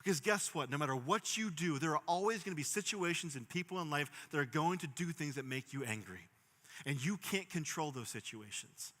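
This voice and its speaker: Earnest young pastor in a reverberant hall. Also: male voice, mid-range voice. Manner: earnest, rising to emphatic bursts then dropping soft. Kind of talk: sermon.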